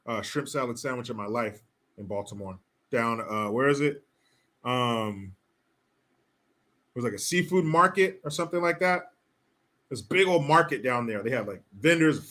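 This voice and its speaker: A man's voice: a little high, a bit bright. A man hosting a political commentary stream, ranting in a crude, mocking way and reading out chat comments. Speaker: host.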